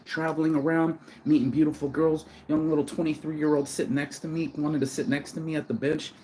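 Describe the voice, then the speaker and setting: A man's voice: on the high side, flat delivery, fairly quick, few pauses, warm tone, a little hiss or hum. An emotional man talking outdoors in a rambling vlog monologue, restarting phrases and swearing casually. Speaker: vlogger. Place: outdoors, sitting on a bench.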